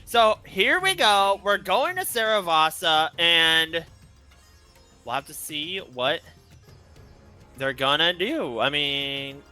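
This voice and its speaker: A man casting a live esports match, breaking down picks and bans, with lots of fillers and quick bursts of talk. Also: on the high side, very animated, bright, forceful tone, faint music behind. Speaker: esports caster.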